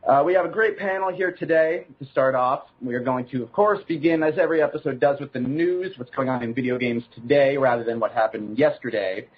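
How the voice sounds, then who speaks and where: A man from Canada leads a casual gaming podcast and rambles cheerfully through the introductions. His voice has a breathy, husky edge. The audio sounds dull and lo-fi. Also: mid-range voice, brisk, few pauses. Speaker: podcast host. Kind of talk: casual panel chat.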